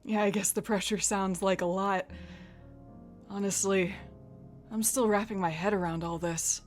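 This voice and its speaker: A woman voicing a bewildered young man who has just died, reading game dialogue aloud in a hesitant, quietly puzzled way. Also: medium pitch, fairly even intonation, a little slow, soft background music, voice pushed down, close to an everyday voice.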